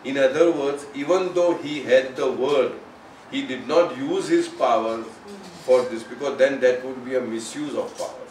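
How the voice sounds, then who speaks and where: A man tells a parable in a loose, conversational way, leaning on "you know" as he goes. His voice sits at a middle pitch. He sounds some distance from the microphone in a reverberant room, with faint ambience underneath. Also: moderate pace, a little mellow, a little hiss or hum. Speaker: storyteller at a spiritual gathering. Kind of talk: informal spoken parable.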